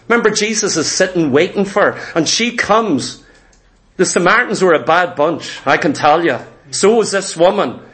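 Animated, fairly high-voiced male preacher. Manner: animated, questioning, emphatic. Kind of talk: sermon.

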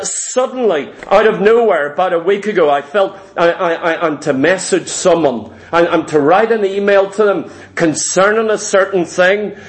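Man, preacher, high voice, sermon, emphatic, repeats lines, rhetorical questions. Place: church service in the morning.

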